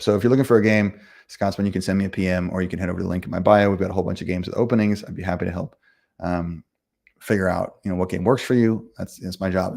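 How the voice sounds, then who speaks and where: A man's voice: deep voice, creaky, a little mellow. A man hosting a casual livestream and answering viewer comments about running games, in a blunt, self-assured, rambling way with lots of fillers. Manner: fast, rambling, full of fillers and restarts. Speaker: livestream host and game company owner.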